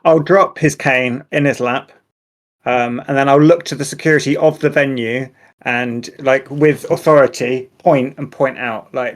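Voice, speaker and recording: A man of middle pitch joins a tabletop game as a player. He talks loudly and in an animated way, cutting in across the table. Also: measured pace.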